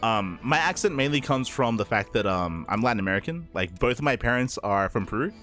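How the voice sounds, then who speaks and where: A man with a mild Australian accent, tinged by a Spanish-speaking upbringing, casting an esports tournament in a relaxed, chatty live-stream manner, answering chat between games. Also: medium pitch, brisk, soft background music. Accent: mild Australian, blended with Spanish-speaking upbringing. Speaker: esports caster. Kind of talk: casual live stream commentary.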